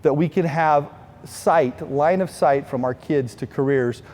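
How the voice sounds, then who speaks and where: A man's voice: a little high, unhurried, a little mellow, in a large hall. A middle-aged man giving a heartfelt storytelling speech at a fundraising event, speaking earnestly to the audience.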